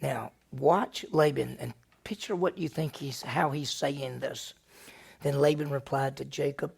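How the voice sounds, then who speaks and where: A man's voice: mid-range voice, measured pace, creaky, breathy edge. A male pastor teaching a Bible lesson, retelling the story with energy and firing off rhetorical questions.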